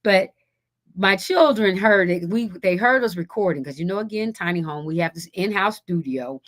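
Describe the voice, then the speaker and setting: A woman guest on a radio talk show, telling a story casually with many restarts and acting out other people's voices. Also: moderate pace. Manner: animated, acts out quoted voices with big pitch jumps; rambling with frequent restarts.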